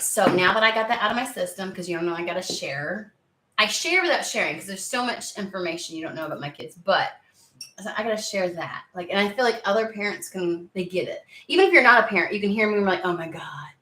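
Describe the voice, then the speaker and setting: A woman in her thirties talks casually to her viewers, rambling through her story with plenty of fillers and restarts. Her voice is bright and forward. The sound rings in an echoey room. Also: medium pitch, quick pace. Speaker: tarot reader and channel host. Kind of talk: casual chat to camera.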